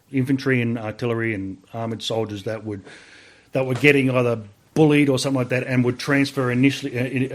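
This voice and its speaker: An Australian army veteran in his forties chats as a guest in a casual interview. He swears freely and acts out the conversations he remembers. His voice sits in the middle of the male range. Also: mid-range voice.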